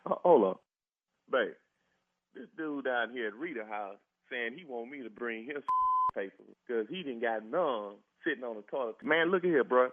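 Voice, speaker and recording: A man's voice: medium pitch, lively intonation, moderate pace, no echo. A man taking a prank phone call, exasperated and often breaking into laughter. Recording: tinny phone line.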